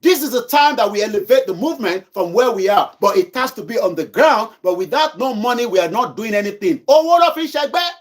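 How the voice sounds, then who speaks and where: A man's voice: sits high, lively intonation, fast talker, hardly any pauses. A Nigerian man with a Yoruba accent hosting a livestream, mixing English and Yoruba as he urges listeners to act. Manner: switches between English and Yoruba, exhorting. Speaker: online activist show host. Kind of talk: livestream commentary. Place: kitchen at home.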